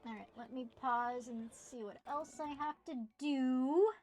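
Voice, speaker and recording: A woman with a high, light voice streams a game and chats with her viewers. She talks in an unhurried, playful way, muttering to herself and teasing the game. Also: darkish tone. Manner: playful, talks to herself and reads chat aloud. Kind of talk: casual gameplay live stream chat.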